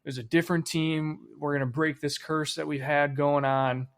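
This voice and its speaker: A man's voice: a little high, little pitch movement, moderate pace. A man co-hosting a podcast, talking casually about sports, swearing freely and trailing off with fillers. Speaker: podcast co-host.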